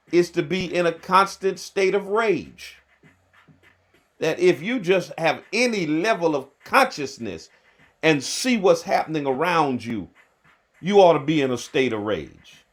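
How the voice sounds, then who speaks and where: A man, a bishop hosting a livestream, talking slowly and emphatically, repeating firm denials and answering viewer comments. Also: fairly high pitch, fairly bright tone. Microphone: livestream to phone or computer.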